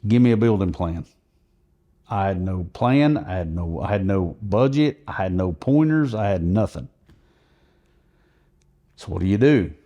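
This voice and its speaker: A man's voice: sits low, lively intonation, a little slow, long pauses, dull audio. A man, a podcast guest, earnestly recounting events at length in conversational storytelling.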